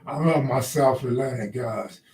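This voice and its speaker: A man's voice: medium pitch, measured pace, darkish tone, echoey room, distant mic, slight background noise. A man hosting a casual live stream, joking loosely with his chat and laughing often. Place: outdoors near the ocean.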